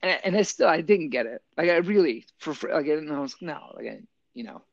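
A man, a podcast guest and yoga teacher, telling a story casually with lots of fillers and lively quoted voices. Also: on the high side, a little fast, creaky, dry recording, dull audio.

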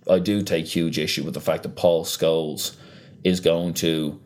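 A young man chatting casually on a podcast, ranting with animated energy and free swearing. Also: rumbling low, normal speed. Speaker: podcast co-host. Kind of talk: casual chat.

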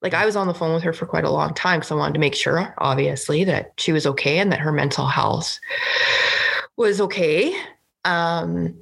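Low gravelly woman, earnest political chat. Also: normal speed. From Canada. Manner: earnest, indignant, lots of "like" fillers. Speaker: provincial legislator co-hosting a podcast.

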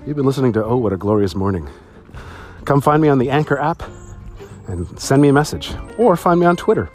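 Man, solo podcast host, lively swooping pitch, casual swearing, faint music behind. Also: fairly quick. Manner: animated, swears freely, laughs often, voice jumps high when excited.

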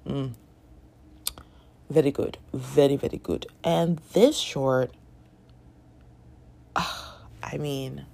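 A young woman chatting casually in a book review vlog, animated and given to swearing and laughing. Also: a bass voice, very slow, gravelly, pauses often.

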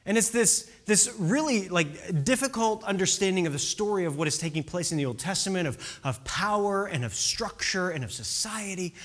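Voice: mid-range voice, lively intonation, normal speed, hardly any pauses. A preacher giving a casual sermon, retelling a Bible story with chatty asides and restarts.

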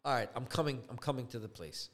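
A young man co-hosting a podcast, telling a story in casual chat, acting out the people in it and swinging between loud outrage and low, deflated tones, swearing freely. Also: animated, fast. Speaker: podcast co-host.

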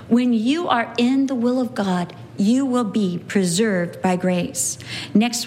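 High-voiced woman teaching from the Bible. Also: a little hiss or hum. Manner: earnest, repetitive emphasis, acts out quoted lines.

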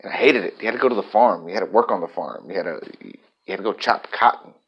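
A man's voice: fairly low pitch, quick pace, slightly rough, highs cut off. A man vlogging a personal, reflective monologue, talking candidly and rambling with frequent restarts.

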